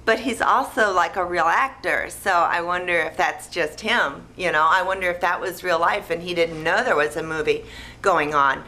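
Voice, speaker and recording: A woman retelling a movie plot in a rambling, deadpan, naive way, with lots of "like" and "you know". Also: lowish voice, moderate pace, low-quality recording. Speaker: movie recapper.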